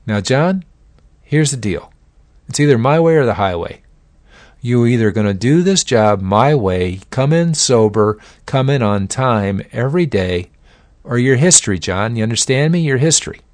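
A man's voice: medium pitch, animated, normal speed, darkish tone, no room sound, close to an everyday voice. A man acting out a stern male boss who bluntly scolds a worker, repeating the worker's name as he lectures.

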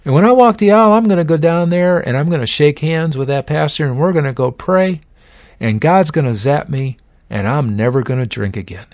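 A man's voice: on the high side, lively intonation, a little fast, darkish tone, no room sound, pitched above the performer's own voice, lightly acted. A man acting out an overzealous churchgoing man who fervently declares he will be cured instantly. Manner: fervent, breathless, preachy.

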